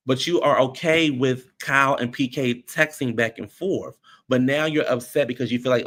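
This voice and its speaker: A man giving casual, blunt recap commentary on a reality show, animated and slangy. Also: normal speed, few pauses. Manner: animated, acts out quotes in high voices.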